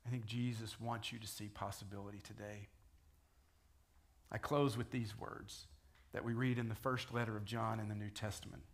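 A man's voice: on the low side, level tone, moderate pace, gravelly. A male pastor preaching a conversational sermon, asking the congregation questions and voicing the scripture he quotes. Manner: conversational preaching, rising to loud dramatic quotes.

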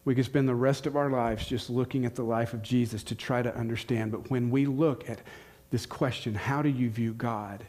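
A man's voice: mid-range voice, fairly even intonation, normal speed, few pauses, a little mellow. A man in his forties with a Southern American accent, a pastor preaching earnestly and asking the congregation questions. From United States. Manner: earnest, questioning, repeats key lines for emphasis. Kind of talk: sermon.

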